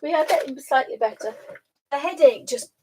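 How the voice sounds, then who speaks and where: A woman's voice: sits high, normal speed, background noise. A woman hosting a casual live stream, chatting and cooing at her pet and laughing often. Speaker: host.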